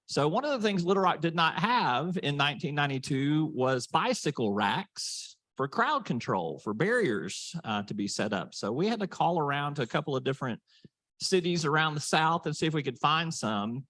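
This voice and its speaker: A man's voice: fairly high pitch, big pitch swings, normal speed, fairly bright tone, no room sound. A man leads a panel in a meeting room. He tells stories in a loose, folksy way full of fillers. The sound is dry and close. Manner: folksy storyteller with many fillers. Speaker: panel moderator. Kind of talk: casual anecdote and moderating.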